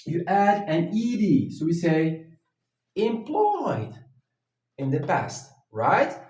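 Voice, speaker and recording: A man teaching an English grammar lesson at a whiteboard, talking slowly and haltingly, with many fillers and restarts. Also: fairly high pitch, big pitch swings, darkish tone, recorded from a distance. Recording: echoey room, voice from off the mic.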